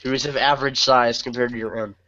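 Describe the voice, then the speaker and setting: A man's voice: mid-range voice, steady tone, fast, pushed and bright. Young man, crude joking podcast banter. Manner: crude, joking, laughs often. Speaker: podcast co-host. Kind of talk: casual chat. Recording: muffled lo-fi mic with faint hiss.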